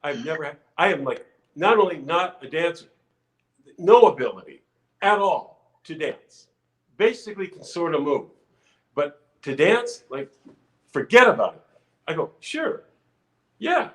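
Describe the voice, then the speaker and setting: An older man, a podcast guest, telling a lively anecdote in casual chat, full of restarts and acted-out quotes. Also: on the high side, normal speed, long pauses, reverberant, rough recording. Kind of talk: casual storytelling.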